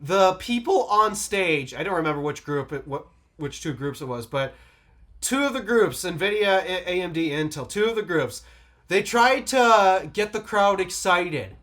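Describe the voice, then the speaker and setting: A man's voice: sits high, expressive, a little slow, fairly bright tone. A man co-hosting a casual tech podcast, telling stories with lots of laughter and emphasis. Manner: laughs often, storytelling emphasis. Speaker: podcast co-host.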